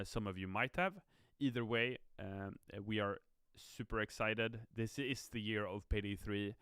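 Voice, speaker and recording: A man's voice: lowish voice, a bit bright, smooth, no room sound, clean studio sound. A tired, yawning man chatting upbeat on a live stream as a game community manager, reading viewer comments aloud. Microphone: streaming mic.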